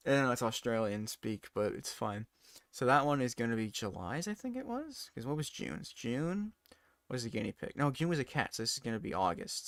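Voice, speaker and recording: A man's voice: mid-range voice, lively intonation, normal speed, dry recording. Man, streamer, casual chat, giggly, self-mocking, dry sound. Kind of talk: casual live-stream chat while editing photos.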